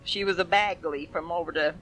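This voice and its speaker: A woman's voice: lowish voice, steady tone, a little fast, a bit bright, slight background noise, low-quality recording. An older woman telling family stories in a folksy, rambling way with chuckles. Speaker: family storyteller. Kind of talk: oral history reminiscence.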